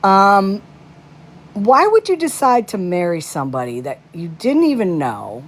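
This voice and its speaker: A woman's voice: medium pitch, very animated, measured pace. A woman ranting in casual commentary on a phone livestream, indignant and piling up rhetorical questions.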